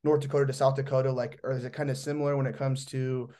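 Fast-talking podcast host from Indiana. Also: male voice, medium pitch, flat delivery, warm tone. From Indiana, US Midwest. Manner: rambling, loose questions full of fillers. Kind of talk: casual interview chat.

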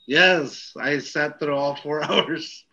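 A man hosting a podcast in casual chat, rambling and halting, often laughing. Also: fairly high pitch, highs cut off, a loud crowd. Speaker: podcast host.

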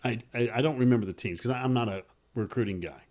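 A man's voice: medium pitch, quick pace, a little mellow. A middle-aged man co-hosting a sports radio show, telling stories in a folksy way. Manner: folksy storyteller, says "man" a lot. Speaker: radio co-host. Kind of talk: casual sports talk radio.

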